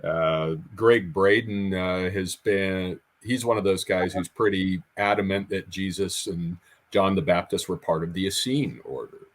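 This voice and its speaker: A man on a podcast, talking in a measured way with frequent hesitations. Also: low voice. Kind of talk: podcast conversation.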